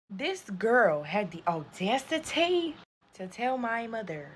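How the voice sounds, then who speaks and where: Animated, foul-mouthed young woman storyteller. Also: a little high, normal speed, slight background noise. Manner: animated, profane, chatty, addresses viewers as y'all. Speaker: storytime creator. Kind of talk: casual storytime while doing makeup.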